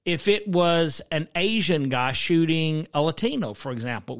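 Middle-aged man, podcast host, slightly high voice, chatty opinion monologue. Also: lively intonation, moderate pace. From South Carolina. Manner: conversational, asks listeners questions, storytelling asides. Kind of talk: opinionated commentary.

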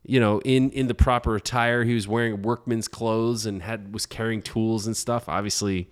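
A man's voice: lowish voice, steady tone, normal speed, clean tone. A man co-hosting a casual movie podcast, rambling and hesitating as he searches for answers. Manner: rambling, hesitant under pressure. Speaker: podcast co-host. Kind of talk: casual movie review chat.

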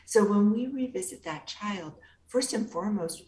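Gentle, soothing woman in a roomy space. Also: mid-range voice, normal speed. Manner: calm, gentle, soothing therapeutic delivery. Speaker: guest author and inner-child coach. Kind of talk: interview answers. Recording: roomy echo.

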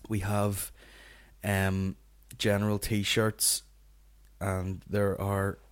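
A man's voice: on the low side, completely flat delivery, extremely slow, clean tone. A young man with a Northern Irish accent, hosting a comedy podcast with sweary, rambling, jokey banter. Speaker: podcast host.

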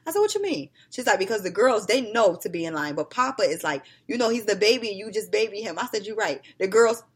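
A woman's voice: mid-range voice, quick pace, breathy edge. A woman, co-hosting a casual chat and acting out scenes with her kids. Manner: animated storytelling, acting out scolding her kids. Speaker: podcast co-host.

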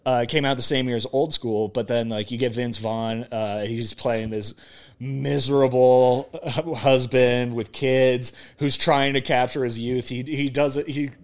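Young man, podcast co-host, casual rambling chat, mid-pitched voice. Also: fairly even intonation, measured pace, darkish tone. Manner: rambling, laughs often, acts out movie quotes.

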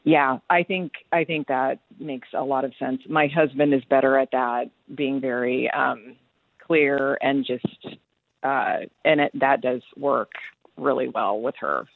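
A woman's voice: rumbling low, fairly even intonation, unhurried, no room sound. A woman calling an advice show, answering hesitantly with lots of fillers and agreement. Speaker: caller. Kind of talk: phone call to advice show. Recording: tinny phone line.

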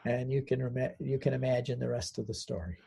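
A man's voice: medium pitch, quick pace, creaky, dark tone, husky. An older American man, a guest on an interview, earnestly telling his conversion story and getting choked up at times. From United States. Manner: earnest storyteller, gets choked up, voices quoted people.

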